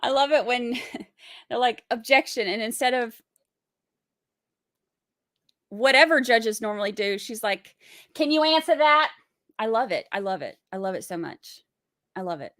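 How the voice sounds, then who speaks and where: A woman's voice: fairly high pitch, normal speed, a bit bright, no echo, clean studio sound. A sleep-deprived woman, chatting casually and rambling with giggles as a livestream host. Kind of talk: casual chat.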